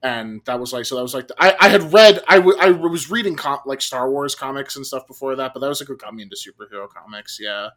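A man co-hosting a podcast in casual chat, animated and rambling, swearing now and then. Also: medium pitch, fast talker, hardly any pauses. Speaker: podcast co-host.

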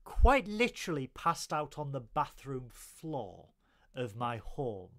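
A man co-hosting a casual review podcast with a playful, joking manner. His voice sits in a middle pitch. He breaks into loud, excited outbursts now and then. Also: slow pace. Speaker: podcast co-host.

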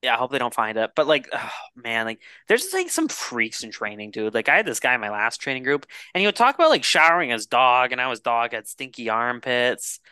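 A young man co-hosting a podcast, telling stories in a rambling, animated way and swearing freely. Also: medium pitch, fairly quick, few pauses, clean tone, no room sound. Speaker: podcast co-host. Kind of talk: casual chat.

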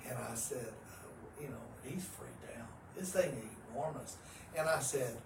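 A man, a pastor co-hosting a podcast, telling stories animatedly and swinging from hushed to loud. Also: medium pitch, moderate pace. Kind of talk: casual religious podcast chat. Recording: roomy, distant mic, faint noise.

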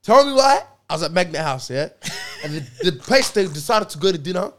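A young man telling a story in casual chat with friends, animated and laughing, full of slang. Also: high voice, fairly quick, slight background noise.

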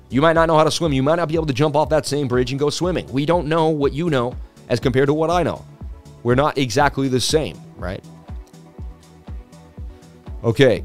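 Male livestream host, casual and chatty, mid-range voice, faint background music. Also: medium pitch. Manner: chatty, reads viewer comments aloud. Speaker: crypto market livestream host.

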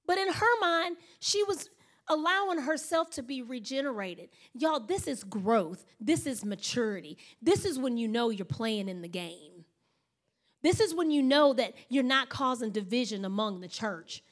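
Woman pastor, high voice, sermon, animated storytelling. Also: moderate pace. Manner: animated storytelling, acting out her own thoughts, frequent laughter.

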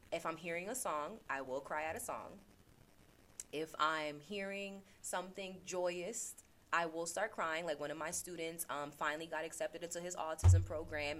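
Low-voiced woman, earnest motivational chat. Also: a bit bright, a little hiss or hum. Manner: earnest, repeats phrases for emphasis. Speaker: podcast host; teacher. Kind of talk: casual motivational self-reflection. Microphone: laptop.

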